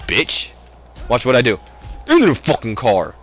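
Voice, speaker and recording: Young-sounding guy yelling and cursing at a wrestling game, bright voice that jumps all over. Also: mid-range voice, normal speed. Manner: excitable, loud swearing outbursts. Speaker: gamer playing a wrestling game. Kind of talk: profane casual let's-play chat.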